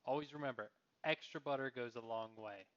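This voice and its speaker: A man's voice: medium pitch, fairly quick, a bit bright. A man giving plain step-by-step cooking instructions in a voice-over. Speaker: cooking vlogger. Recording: dull lo-fi voice-over.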